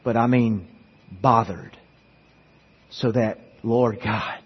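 Male pastor, husky voice, earnest preaching, long echo of a church hall on a dull lo-fi recording. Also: mid-range voice, fairly even intonation, takes it slowly. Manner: earnest preaching with repeated words. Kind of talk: sermon.

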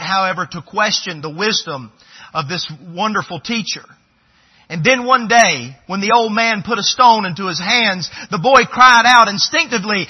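High-voiced preacher, husky, echoey hall. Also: male voice. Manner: swings from loud pleading to hushed earnest speech. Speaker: pastor. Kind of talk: sermon. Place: church sanctuary. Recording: echoey church hall, dull lo-fi sound.

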